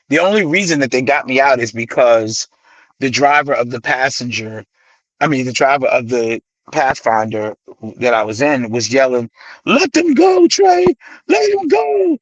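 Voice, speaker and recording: A middle-aged man from the Bronx with a New York accent, a guest on a radio show, telling his stories with animated energy and acting out the voices he quotes. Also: medium pitch, unhurried, no echo, highs cut off. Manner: animated storyteller who acts out quoted voices. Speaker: guest, hip-hop artist. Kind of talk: radio interview storytelling.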